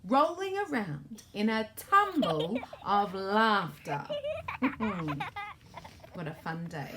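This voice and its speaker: A woman's voice: medium pitch, big pitch swings, slow, noisy background. A woman author reading her children's storybook aloud in a playful way and asking the young listeners questions.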